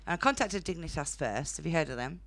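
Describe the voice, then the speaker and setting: Young Northern English woman, low-pitched, blunt stand-up delivery in a comedy club. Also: lively intonation, fast talker, a bit bright. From Northern England. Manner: blunt, chatty, laughs at own jokes. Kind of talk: stand-up set.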